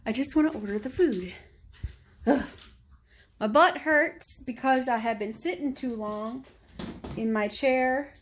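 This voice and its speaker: A woman's voice: on the high side, measured pace, pauses often, slight background noise. A woman vlogging at home, chatting casually and rambling aloud to herself as she goes about her day. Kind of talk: casual chat. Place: at home indoors.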